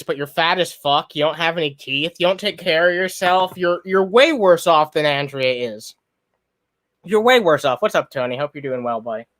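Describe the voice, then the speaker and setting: A man with a fairly high voice talks on a live stream. He rants in a blunt, profane way, reacts to a video and shouts out to people in his chat. At times he talks while chewing. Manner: profane, blunt and ranting, greets chat viewers. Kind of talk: casual live-stream commentary.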